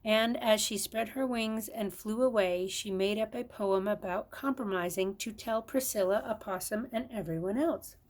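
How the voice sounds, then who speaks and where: An older woman, a grandmother, reading a children's picture book aloud with expressive storytelling. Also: medium pitch, moderate pace, hardly any pauses, slight background noise. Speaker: storybook reader.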